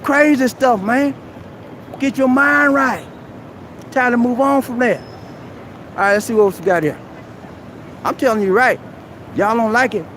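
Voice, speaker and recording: A man's voice: extremely high pitch, a little slow, long pauses, a bit bright, slight background noise. A man hosting a live stream outdoors at a mall, giving preachy, exhorting advice and calling the listener "man". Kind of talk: motivational advice rant. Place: outdoors at a busy shopping mall.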